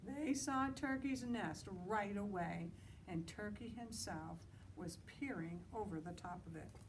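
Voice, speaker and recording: Slow, gentle woman reading a story outdoors. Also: mid-range voice, distant mic, a little hiss or hum, rough recording. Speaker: children's librarian.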